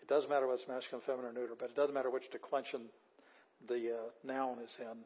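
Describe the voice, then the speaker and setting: Casting: middle-aged male teacher, husky, emphatic lecture delivery, muffled lo-fi recording. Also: mid-range voice, flat delivery, fast. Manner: emphatic, repeats words for stress. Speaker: Greek language teacher. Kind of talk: classroom lecture. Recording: dull lo-fi class recording.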